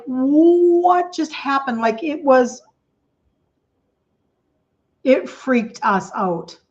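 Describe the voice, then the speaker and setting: A woman's voice: a little high, muffled recording. A middle-aged woman, a health coach hosting an emotional livestream talk, speaking emphatically with lots of repetition and greeting viewers by name.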